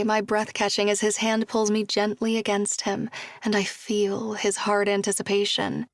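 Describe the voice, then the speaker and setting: A woman narrating a first-person audiobook in a soft, even voice, dropping to a hush for her own dialogue. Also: mid-range voice, moderate pace, dry recording, clean studio sound.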